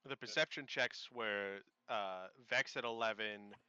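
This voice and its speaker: A man's voice: lowish voice, measured pace, sharp tone, clean tone, no room sound. Casual man on a dull, lo-fi mic. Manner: casual, swearing, thinking aloud. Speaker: player. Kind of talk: casual chat at a game table.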